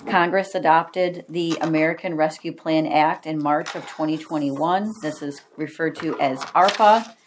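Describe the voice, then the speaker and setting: A woman chairing a town board meeting, leading it in a brisk, procedural way. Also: low-pitched, fairly even intonation, background noise.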